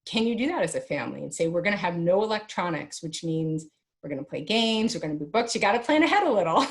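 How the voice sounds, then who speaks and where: A middle-aged woman with a fairly low voice speaks as an interview guest. She talks in an animated, chatty way and acts out little family dialogues as she explains. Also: quick pace. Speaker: guest expert on teen mental health. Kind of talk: conversational interview advice.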